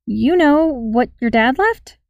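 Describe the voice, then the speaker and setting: A woman voicing a shy, self-conscious teenage girl who speaks quietly and hesitantly in a storybook reading. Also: high voice, animated, takes it slowly, creaky, dry recording, muffled recording, heavily acted. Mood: sheepish.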